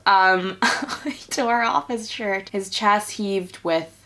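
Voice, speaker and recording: A woman's voice: mid-range voice, fairly bright tone. A woman reading a werewolf romance aloud, breaking off to joke, giggle and swear about it. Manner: giggly, exaggerated, swears often. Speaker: story reader. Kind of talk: casual read-aloud with joking commentary.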